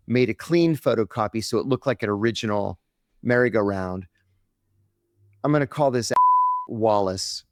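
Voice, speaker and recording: A middle-aged man, a podcast guest, telling a story with lively acted-out quotes on a close mic. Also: medium pitch, dry recording.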